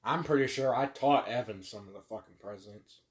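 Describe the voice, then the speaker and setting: A young man trading crude, teasing banter on a casual podcast. He swears freely and mocks his friend. His voice sits at an ordinary middle pitch. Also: fairly quick. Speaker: podcast co-host.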